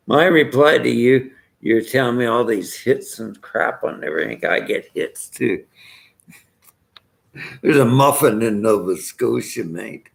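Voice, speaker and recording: Older Irish bloke, very gravelly, abrasive rambling vlog rant. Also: male voice, mid-range voice, measured pace. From Ireland. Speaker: vlogger.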